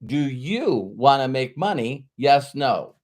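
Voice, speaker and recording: A man's voice: mid-range voice, very animated, takes it slowly, darkish tone. A man voicing a boastful, upbeat immigrant salesman who speaks in short, clipped, broken English.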